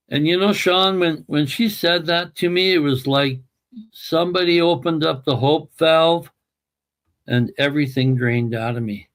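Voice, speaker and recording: A man's voice: a little high, measured pace, fairly bright tone. A man telling a personal family story as an interview guest, emphatic and emotional.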